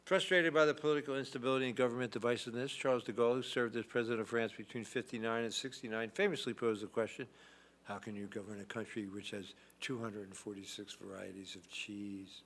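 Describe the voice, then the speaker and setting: With a steady, fairly bright medium-pitched voice and a quick pace, a man hosts a live trivia stream. He reads the questions and answers aloud in a wry way, adding dry asides as he goes.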